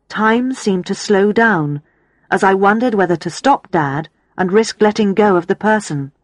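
A woman narrating a story in a steady storytelling manner. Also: mid-range voice, no room sound. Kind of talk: audiobook narration.

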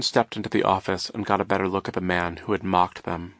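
Low-voiced man narrating an audiobook. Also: little pitch movement, fairly bright tone, no room sound, clean studio sound. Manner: wry, measured storytelling.

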